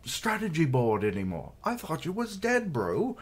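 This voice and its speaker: A man's voice: on the high side, huge pitch swings, normal speed, breathy edge, voice pushed up, heavily acted. A man voicing a flustered male general in a joking parody, exasperated and profane, talking like a bro.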